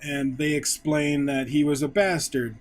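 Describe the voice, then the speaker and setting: A man hosting a casual recap of a TV episode, retelling scenes with eager excitement. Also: a little high, unhurried. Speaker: YouTube show host.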